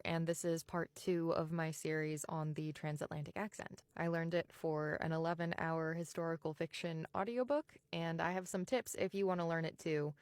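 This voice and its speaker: A woman with a General American accent, an audiobook narrator, explaining and slowly sounding out vowels in a casual tutorial. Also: low-pitched, no room sound.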